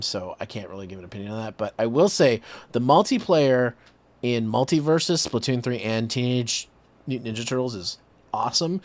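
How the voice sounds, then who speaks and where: Animated Canadian man hosting a stream. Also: medium pitch. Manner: animated, laughing, trying silly voices. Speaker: streamer host. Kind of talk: casual stream chat.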